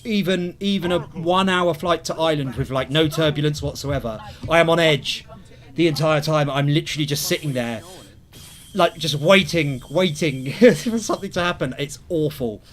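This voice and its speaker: A man's voice: fairly high pitch, normal speed. A young man chatting casually and rambling as he streams a video game, poking fun at himself. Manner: chatty, rambling, self-deprecating. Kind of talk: casual gameplay commentary.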